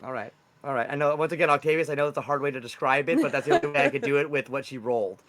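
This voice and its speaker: A man's voice: mid-range voice, very fast, fairly bright tone. A young man running a tabletop game as game master, explaining loosely and rambling with fillers.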